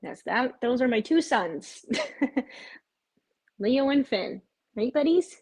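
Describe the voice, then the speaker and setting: A woman's voice: on the high side, expressive, slow pace, a little mellow, slightly rough. A woman hosting a casual live stream, chatting and rambling, and often breaking off to coax her cats in a cooing voice.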